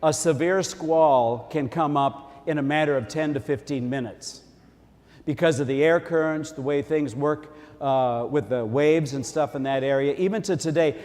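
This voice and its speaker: A man's voice: fairly high pitch, a little mellow. A man preaching a sermon as a priest, in a folksy, conversational way. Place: church. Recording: long church reverb.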